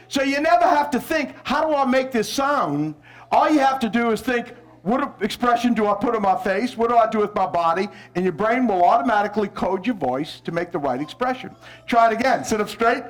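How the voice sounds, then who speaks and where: A man from New Orleans, a visiting poet, coaching children and parents to recite with expression, coaxing them along and breaking into shouted lines. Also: sits high, lively intonation, fairly quick. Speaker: visiting poet leading a school workshop. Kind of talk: lively workshop with children and parents.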